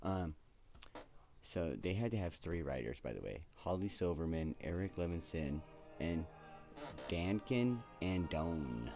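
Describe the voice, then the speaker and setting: A man's voice: low-pitched, expressive, unhurried, darkish tone, faint music behind. A man talking casually to his viewers, often tossing in "right?" as he goes. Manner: chatty, keeps asking "right?". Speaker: vlogger.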